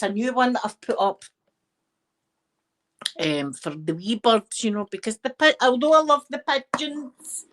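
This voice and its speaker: A Scottish woman hosting a casual live stream, chatting to her viewers in a rambling, lively way with plenty of asides. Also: fairly high pitch, measured pace, pauses often, low-quality recording. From Scotland.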